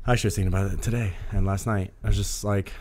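A man's voice: on the low side, steady tone, racing, darkish tone. A hungover man hosting a casual podcast, rambling and repeating himself, swearing freely. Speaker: podcast host.

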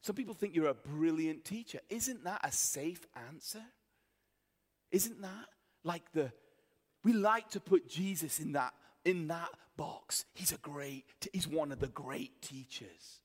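A man preaching a sermon, telling the story in a lively, colloquial way and acting out the voices of the people in it. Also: fairly high pitch, slow pace, slightly rough. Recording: long reverb of a hall.

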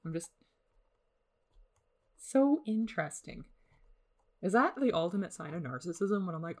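Low-voiced woman rambling on her podcast. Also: big pitch swings, moderate pace, pauses often. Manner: rambling, self-deprecating, sarcastic asides. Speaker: podcast host. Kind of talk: casual solo podcast monologue. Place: home in the suburbs.

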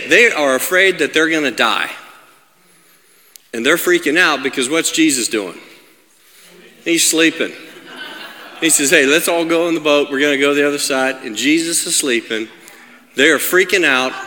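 A man preaching a sermon, reading scripture and then growing loud and emphatic, often asking his listeners "right?". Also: mid-range voice, big-room sound.

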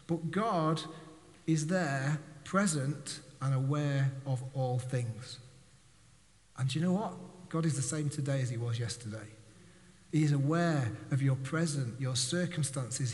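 A man's voice: on the high side, long reverb tail. A male preacher giving a conversational sermon with jokes and direct questions to his congregation.

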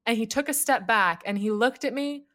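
Animated American woman telling a story. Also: fairly high pitch, a little fast. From United States. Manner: animated storyteller who laughs often. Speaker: podcast co-host. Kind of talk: casual storytelling chat.

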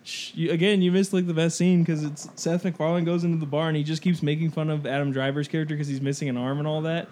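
A man's voice: fairly high pitch, level tone, fast talker, few pauses, darkish tone. A young man co-hosting a podcast, telling loose stories and swearing casually. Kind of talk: casual chat.

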